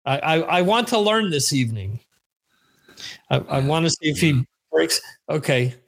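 A man's voice: on the high side, animated, normal speed, vocal fry. A middle-aged man from the United States hosting a podcast, chatting casually in a rambling, joking way. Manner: rambling, self-deprecating, jokey. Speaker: podcast host. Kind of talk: casual chat on a live stream.

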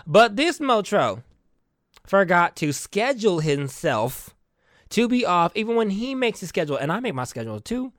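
A woman's voice: on the low side, expressive, moderate pace, no echo, clean studio sound. Exasperated, swearing young woman ranting. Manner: exasperated, profane, swings between loud and quiet; rhetorical questions to the audience. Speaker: vlogger. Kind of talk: casual comedic rant to camera.

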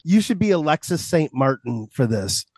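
A man's voice: fairly high pitch, big pitch swings, moderate pace, a little mellow, slightly rough, no room sound. A man co-hosting a podcast in casual banter, teasing and telling a story. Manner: teasing, restarts and laughs.

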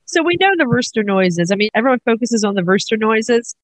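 A woman's voice: a little high, animated, fairly quick, no room sound, rough recording. Giggly woman podcast host, dry sound. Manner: jokey, giggly, teasing asides. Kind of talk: casual podcast chat.

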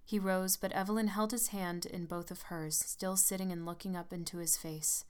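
A woman narrating a gothic story as an audiobook, measured and hushed. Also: fairly low pitch, fairly even intonation, smooth.

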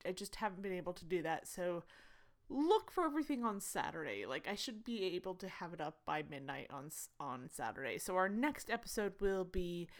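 A woman's voice: fairly low pitch, very animated, brisk. Chatty woman hosting a tabletop podcast. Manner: chatty and rambling, with many fillers and restarts; eager, pleading with listeners for support. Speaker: podcast host and game master. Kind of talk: casual podcast announcements.

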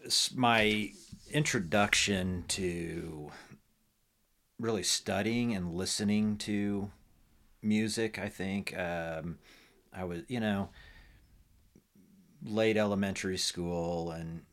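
A man's voice: sits low, slow, pauses often, fairly bright tone. A middle-aged man chatting casually as a podcast guest, rambling with many fillers and restarts. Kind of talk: casual conversation about music.

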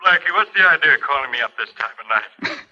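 A man's voice: mid-range voice, animated, fast, bright, forceful tone. An actor playing a grumpy male police inspector who talks in a brusque, irritated way, in the manner of 1940s radio acting, heard on a muffled old radio recording.

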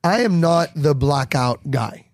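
A young man, a comedian, telling comic stories in a casual podcast chat and acting out quick voices. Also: fairly high pitch, no room sound, clean studio sound. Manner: animated, acts out bits with quick quoted voices. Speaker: comedian guest.

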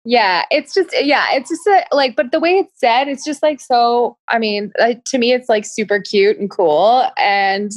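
A woman's voice: fairly high pitch, normal speed, hardly any pauses, no room sound. A young woman co-hosting a podcast, chatting casually with lots of "like" fillers and frequent giggles. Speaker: podcast co-host. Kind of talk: casual chat.

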